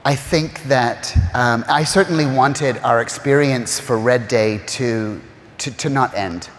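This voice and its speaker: A man telling personal stories in an emotional, conversational way, often pausing with "you know" and close to tears at times. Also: medium pitch. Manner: heartfelt, choked up at times, many "you know" fillers. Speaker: interview guest, real estate agent. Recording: roomy reverberant hall.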